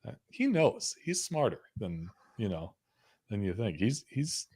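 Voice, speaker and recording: A man hosting a casual interview, easygoing and quick with short agreeing replies. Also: on the low side, sing-song, darkish tone, husky. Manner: easygoing, lots of short affirmations. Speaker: show host.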